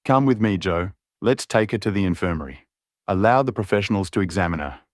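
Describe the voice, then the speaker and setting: A man's voice: low-pitched, expressive, brisk, no echo, clean studio sound. A man doing a soothing young she-wolf. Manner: soft, soothing. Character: gentle young werewolf woman, soothing friend.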